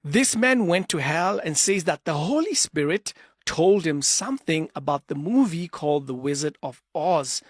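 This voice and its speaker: A man's voice: on the high side, expressive, moderate pace, dry recording, clean studio sound. A man introducing a clip and earnestly warning viewers. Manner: urgent, warning. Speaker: video commentator. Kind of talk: earnest commentary.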